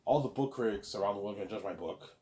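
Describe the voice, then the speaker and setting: Speaking rapid-fire in a lowish, warm voice, a man boasts rambling about the book he wrote, swearing freely and repeating himself while acting out imagined praise. He is a self-published author and vlogger.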